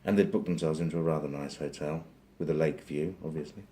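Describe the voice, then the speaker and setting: A man's voice: extremely low pitch, steady tone, fast talker, mellow. A man telling a long joke in a rambling style full of digressions and dry asides. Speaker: joke teller. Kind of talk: rambling comic storytelling.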